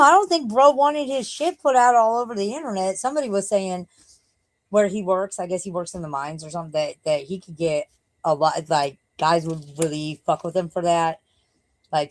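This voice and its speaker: A woman's voice: lowish voice, no echo, rough recording. A woman live streamer chatting casually from home, rambling and cursing freely.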